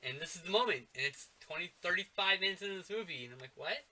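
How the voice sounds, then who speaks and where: A man co-hosting a casual movie-review podcast, animated and swearing often, with lots of fillers. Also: sits high, racing, a crowd in the background. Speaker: podcast co-host.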